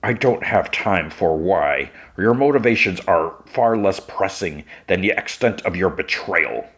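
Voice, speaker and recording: Man reading as a menacing imperial director, low, slow, deliberate. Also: animated, a bit bright, heavily acted.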